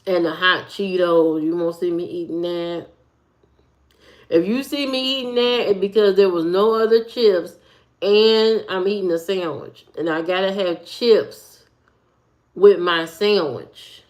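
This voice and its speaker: Woman live streamer, lowish voice, casual rambling home chat with viewers. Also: unhurried. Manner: rambling, loose and talkative, with frequent fillers and repeats. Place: at home, indoors.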